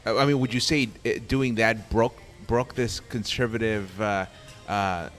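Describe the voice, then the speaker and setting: A man hosting a casual interview, speaking haltingly and often repeating his words. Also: fairly low pitch, steady tone, soft background music. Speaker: podcast host. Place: barbershop.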